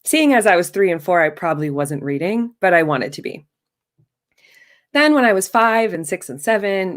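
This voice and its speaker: Wry woman telling a true story. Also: fairly low pitch. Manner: wry, self-mocking, conversational. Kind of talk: first-person live storytelling.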